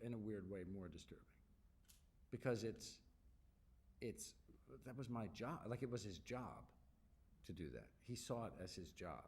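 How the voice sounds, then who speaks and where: A middle-aged man, an actor, answering audience questions on stage with animated, self-deprecating storytelling. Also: mid-range voice. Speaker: actor at festival Q&A. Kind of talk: onstage Q&A answers.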